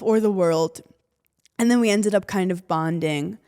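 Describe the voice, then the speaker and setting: A woman's voice: mid-range voice, unhurried, clear, resonant tone. A woman co-hosting a podcast, telling a story in casual chat and acting out the people in it. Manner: animated storytelling, acts out quoted people. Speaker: podcast co-host.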